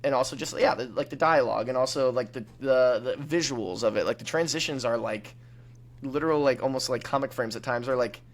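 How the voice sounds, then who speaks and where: A man's voice: medium pitch, a little fast. A man co-hosting a movie podcast, talking in loose, rambling sentences full of fillers. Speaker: podcast co-host. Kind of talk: casual movie podcast chat.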